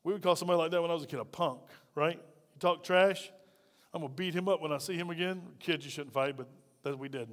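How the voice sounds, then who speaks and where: High-voiced preacher in a reverberant church. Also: male voice, quick pace. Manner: conversational preaching with acted quotes, swinging loud and quiet. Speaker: pastor. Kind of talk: sermon. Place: church hall. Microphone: lapel.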